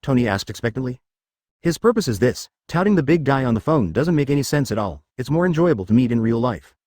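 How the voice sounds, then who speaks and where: A man's voice: medium pitch, very animated, quick pace, darkish tone, no room sound, studio quality. A man narrating a fan story in a scripted, machine-read style.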